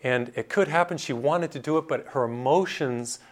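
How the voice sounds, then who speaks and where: A man's voice: a little high, moderate pace, a little hiss or hum. A middle-aged man from Massachusetts, a priest preaching a sermon in a conversational, storytelling way with casual asides.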